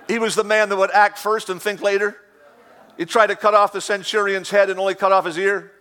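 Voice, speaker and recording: A man's voice: sits high, fairly even intonation, a little fast, sharp tone. A man preaching a sermon, emphatic and repetitive, mixing in humorous asides. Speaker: pastor.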